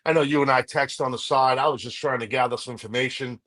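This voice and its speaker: A man's voice: mid-range voice, fairly even intonation, fast talker, a bit bright. A man guesting on a casual livestream chat, agreeing readily with short remarks and easy laughs. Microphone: video call.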